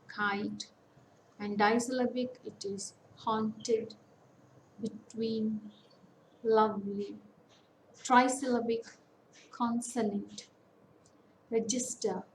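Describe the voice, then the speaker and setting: A woman giving an online lecture, slowly listing example words one by one with pauses. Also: fairly high pitch, a little mellow, roomy sound, a little hiss or hum, low-quality recording. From India. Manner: slow, deliberate, lists words one by one with pauses. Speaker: academic counsellor. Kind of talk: online lecture on English phonetics.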